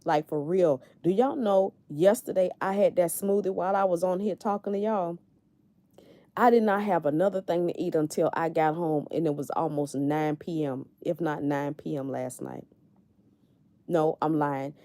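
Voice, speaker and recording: A woman's voice: sits low, steady tone, normal speed, mellow, no echo. A middle-aged woman hosting a casual live stream from her bed at home, confiding candidly in her viewers. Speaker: livestream host.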